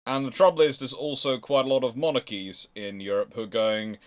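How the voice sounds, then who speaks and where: A man's voice: mid-range voice, steady tone, a little fast, hardly any pauses, smooth. A man hosting a casual history livestream, making wry asides and answering viewers' chat as he goes. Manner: chatty, wry asides, reads chat aloud.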